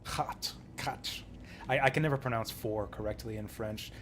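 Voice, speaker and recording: A man's voice: lowish voice, steady tone, fast talker, a little hiss or hum. A man streaming a video game, giving casual commentary in a rambling, joking way with frequent chuckles.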